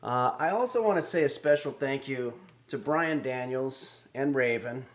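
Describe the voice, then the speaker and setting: A middle-aged man hosting a cooking livestream, talking in a deadpan, halting way with frequent fillers. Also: mid-range voice. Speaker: cooking stream host. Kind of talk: casual livestream chat.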